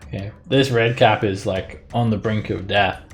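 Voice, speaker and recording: A man narrating as dungeon master of a tabletop game, describing the action in a lively way with chuckles. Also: on the low side, moderate pace, soft background music.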